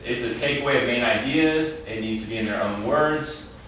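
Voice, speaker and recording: At a moderate pace and with a fairly bright, medium-pitched voice, a man gives parents an informal talk at a training session, regularly acting out dialogue. The meeting room sounds echoey, he's distant from the mic, and faint noise is present.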